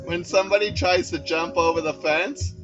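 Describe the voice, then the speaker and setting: A man's voice: high-pitched, steady tone, moderate pace. A man hosting a casual chat, rambling through stories, swearing freely and ending his sentences with "eh". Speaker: host. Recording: dull lo-fi sound with loud music. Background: music playing.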